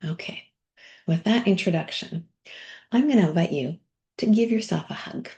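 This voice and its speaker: Middle-aged lady coach walking you thru a body practice, lowish warm voice, gentle n soothing. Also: animated, moderate pace, highs cut off. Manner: gentle, soothing guidance with soft asides. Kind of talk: guided body practice workshop.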